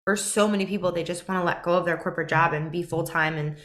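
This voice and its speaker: A woman's voice: fairly low pitch, steady tone, fast talker, fairly bright tone, echoey room. A woman hosting a podcast, enthusiastic and affirming as she asks questions. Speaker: podcast host. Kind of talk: podcast interview.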